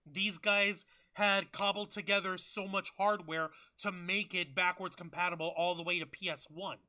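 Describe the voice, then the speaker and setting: A man hosting a podcast in casual chat, excitable and profane, with lots of fillers. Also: high-pitched, moderate pace. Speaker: podcast host.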